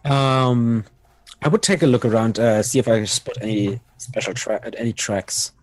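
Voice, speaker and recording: A man's voice: mid-range voice, normal speed, rough recording. A man playing a tabletop game, speaking hesitantly and often restarting his words. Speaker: player.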